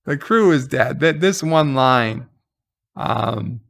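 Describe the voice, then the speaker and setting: A man casually recapping a TV episode as a reviewer, halting with restarts and fillers and getting excited as he retells the action. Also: medium pitch, creaky.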